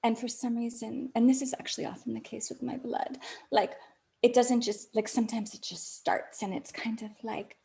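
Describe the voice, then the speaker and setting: A woman podcast host telling a personal story in a soft, breathy voice that often sinks to a near whisper, chatty and laughing often. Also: fairly high pitch, flat delivery, moderate pace. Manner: chatty, with many "like" fillers and frequent laughs.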